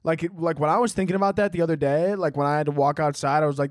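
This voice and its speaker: A man's voice: on the high side, steady tone, rapid-fire, no room sound, studio quality. A young man hosting a solo podcast, rambling and joking crudely, filling his talk with "like" and "dude". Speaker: podcast host.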